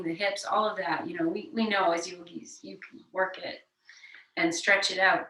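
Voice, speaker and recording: A woman teaching a yoga class, giving gentle, encouraging breathing cues and demonstrating breath of fire out loud. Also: mid-range voice. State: sweating from exertion. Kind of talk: guided yoga class instruction. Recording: roomy echo, voice heard from a distance.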